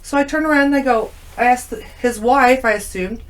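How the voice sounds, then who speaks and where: A woman's voice: fairly high pitch, fairly quick. Chatty woman telling dream stories. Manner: animated storyteller, acting out quoted lines. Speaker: guest. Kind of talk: casual chat.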